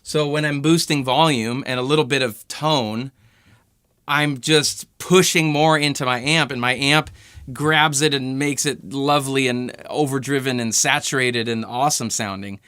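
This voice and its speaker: A man hosting a casual guitar pedal demo, talking in a relaxed, conversational way with many fillers. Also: medium pitch, normal speed, clear, resonant tone, dry recording. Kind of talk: casual gear demo talk.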